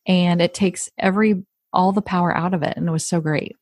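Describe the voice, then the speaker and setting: A woman hosting a podcast, giving calm self-help advice and acting out short example phrases. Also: on the low side, brisk, few pauses, no echo, studio quality. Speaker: podcast host.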